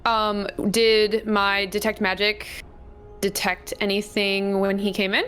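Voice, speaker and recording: A woman's voice: medium pitch, level tone, slow, a bit bright, soft background music. A woman playing a tabletop game, chatty and thinking aloud as she talks. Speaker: player.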